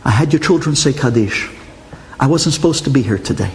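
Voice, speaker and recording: A man's voice: mid-range voice, animated, fairly quick, natural voice. A man voicing an earnest, kindly older rabbi who coaxes and persists. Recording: long hall reverb.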